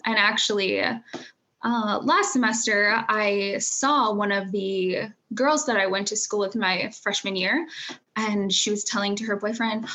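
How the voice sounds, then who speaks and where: A young woman in her twenties answers interview questions in a casual, earnest way. Her pitch sits in a middle range, and her talk is reflective, with fillers and the odd small laugh. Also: unhurried, bright, forceful tone. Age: 20s. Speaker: interviewee, graduating student.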